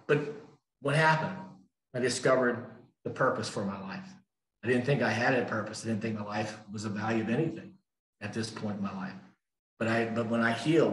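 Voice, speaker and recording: An older man speaking at a recovery meeting, telling his story emphatically and repeating key lines for effect. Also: on the low side. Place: meeting room. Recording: echoey room.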